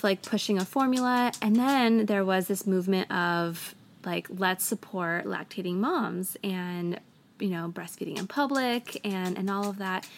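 Woman host in her 30s, chatty, says like a lot, faint noise behind. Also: medium pitch. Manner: chatty, frequent "like" and restarts. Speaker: podcast host. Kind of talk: casual conversational interview.

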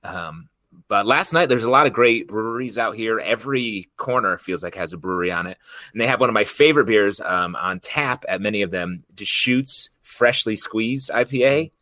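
Bright, joking male podcast co-host. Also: fairly low pitch, moderate pace, no room sound. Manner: joking, playful, teasing. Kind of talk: casual chat.

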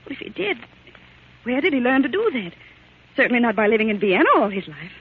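A woman's voice: a little high, very animated, quick pace, slightly rough. An actress in a 1940s radio drama playing a young woman whose uncle was murdered, with an anxious, pleading delivery that comes close to tears. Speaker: niece of a murder victim. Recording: tinny old radio broadcast, faint hiss.

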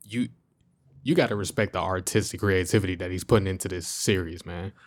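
Low-voiced man pushing back in chat. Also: brisk, no echo, clean studio sound. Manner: skeptical, pushes back, casual profanity. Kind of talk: casual chat.

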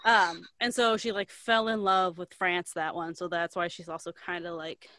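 A woman in casual chat, retelling a story in a rambling, animated way, filling every pause with "like". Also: lowish voice, dry recording. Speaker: co-host recapping a book.

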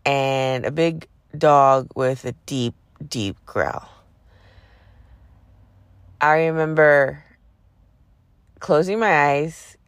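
A woman's voice: low voice, drawn-out words, pauses often, clear, resonant tone, no room sound, studio quality. Sarcastic, profane woman telling a story. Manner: profane, sarcastic, animated retelling. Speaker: podcast host. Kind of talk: casual storytelling.

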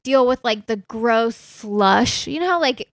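A woman's voice: fairly high pitch, expressive, takes it slowly, dry recording, studio quality. A woman co-hosting a podcast, chatting casually and filling her talk with "like". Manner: chatty, lots of "like" fillers. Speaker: podcast co-host. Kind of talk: casual chat.

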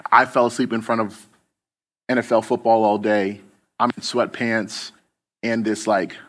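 A man's voice: on the low side, fairly bright tone. A man preaching a casual storytelling sermon, loose and chatty, with many fillers and restarts.

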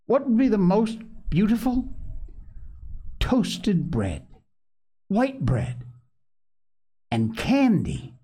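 A man voicing a quiet, thoughtful younger boy who speaks earnestly. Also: sits high, very animated, measured pace, hardly any pauses, voice pushed up. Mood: eager.

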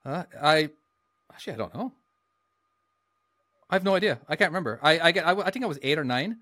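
A man's voice: a little high, expressive, fast talker, bright, forceful tone, dry recording, studio quality. Rambling man telling a story. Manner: rambling, hesitant storytelling with many restarts. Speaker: podcast co-host. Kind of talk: casual podcast chat.

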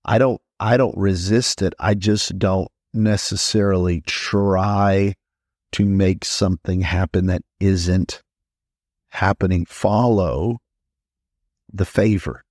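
Brief: male pastor-host, deep voice, emphatic repetition, dry booth sound. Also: fairly even intonation, a little mellow, dry recording. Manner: emphatic, repeats phrases for effect; frequent quick restarts and stammers. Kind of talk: conversational teaching podcast.

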